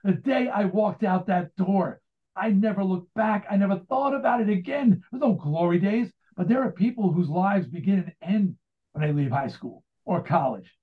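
An American man with a high voice talks at a moderate pace over a tinny line. He's an author and rock singer appearing as a guest in a casual interview, rambling with plenty of restarts and asides.

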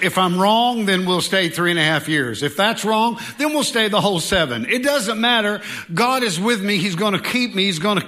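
Middle-aged preacher guy, high voice, lively and jokey, talks to the church like old friends. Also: a little hiss or hum. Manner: animated preaching, joking asides and mock voices. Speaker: pastor. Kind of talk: sermon.

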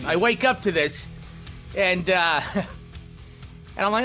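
A man's voice: high voice, animated, moderate pace, pauses often, fairly bright tone, soft background music. A man hosting a talk radio show, rambling and self-deprecating, with lots of fillers and restarts, speaking into a studio microphone.

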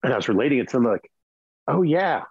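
A man casually telling hunting stories, lively, acting out quotes in a raised voice and laughing often. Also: mid-range voice, very fast, breathy edge, no echo, dull audio. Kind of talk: casual storytelling.

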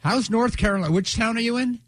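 A man's voice: extremely high pitch, fast. A man hosting a morning radio show from a studio, teasing callers with sarcastic jokes. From United States.

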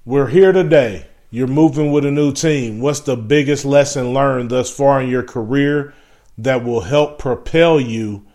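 A man's voice: mid-range voice, measured pace. A man hosting a boxing talk show, asking loose, rambling questions. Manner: relaxed, rambling questions with fillers. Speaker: podcast host. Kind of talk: casual interview.

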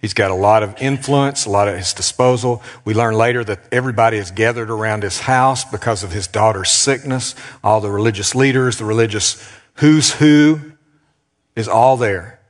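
A man preaching a sermon as a pastor, earnest and emphatic, slowing down with dramatic pauses. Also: fairly low pitch, long reverb tail.

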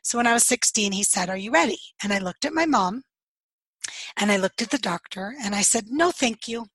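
A woman with a slightly hoarse, husky voice, telling her life story in an interview and acting out the dialogue she recalls. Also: mid-range voice, lively intonation, brisk, fairly bright tone, dry recording, rough recording. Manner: storytelling, acts out quoted dialogue, laughs often. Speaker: podcast guest.

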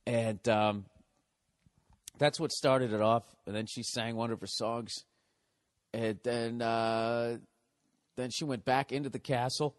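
A man's voice: medium pitch, steady tone, slow, pauses often, no room sound, studio quality. Profane ranting middle-aged man. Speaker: podcast host. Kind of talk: rambling comedic monologue.

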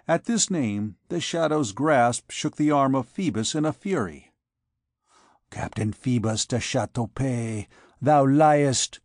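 Male audiobook narrator, slow measured delivery, dry studio sound. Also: medium pitch, a little mellow, no room sound. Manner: measured, unhurried reading. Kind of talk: scripted narration.

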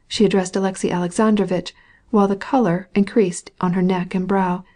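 A woman narrating a classic novel with a measured, steady reading. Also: mid-range voice. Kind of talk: scripted audiobook narration.

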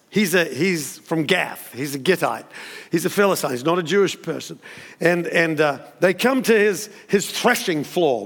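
A man preaching a storytelling sermon, animated and acting out the characters with sudden high exclamations. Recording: long hall reverb.

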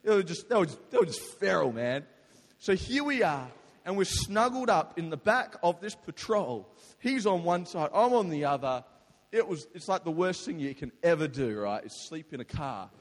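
High-voiced man telling a story. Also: moderate pace. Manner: animated, slangy, with sudden loud outbursts. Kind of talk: casual storytelling to an audience. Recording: long hall reverb.

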